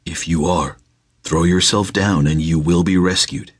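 A man narrating an audiobook, voicing a male spirit who tempts in slow, low, coaxing commands. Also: steady tone, no echo, clean studio sound.

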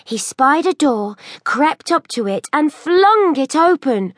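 Expressive, slow woman narrating for kids. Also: high voice, no room sound, clean studio sound. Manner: expressive storytelling. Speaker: audiobook narrator. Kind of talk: children's audiobook narration.

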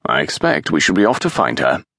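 A man voicing a solemn, courteous young marquis with a gravelly voice, in an audiobook. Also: a bass voice, wildly swooping pitch, brisk, fairly bright tone, no echo, clean studio sound, full character voice. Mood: gentle.

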